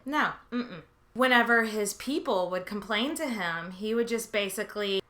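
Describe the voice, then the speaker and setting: A woman's voice: medium pitch, very animated, moderate pace, fairly bright tone. A woman hosting a history podcast, telling a comedic scripted monologue with sarcastic asides, swearing and silly quoted voices. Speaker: podcast host.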